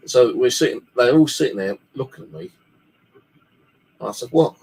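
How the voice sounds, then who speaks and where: Rambling, swearing Englishman with a lowish voice. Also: expressive, moderate pace, a little mellow, breathy edge, rough recording. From United Kingdom. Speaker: paranormal channel host. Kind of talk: casual storytelling. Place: his bedroom at home.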